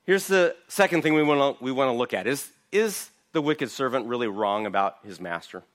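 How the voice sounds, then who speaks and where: A man gives an emphatic verse-by-verse Bible teaching, posing rhetorical questions to his listeners. He speaks in an animated, brisk, medium-pitched voice.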